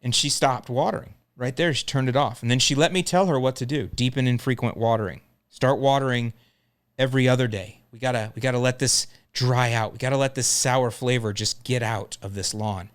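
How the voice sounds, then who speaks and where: A man's voice: mid-range voice, a little fast. A middle-aged man hosting a lawn care podcast, telling a story in a casual, joking way.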